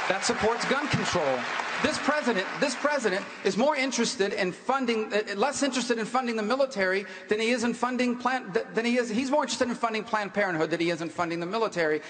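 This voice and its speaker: A man running for president, answering forcefully in a political debate with emphatic, repetitive phrasing. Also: sits high, quick pace, crowd noise, noisy background. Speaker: presidential candidate. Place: large debate hall on stage. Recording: echoey hall reverb.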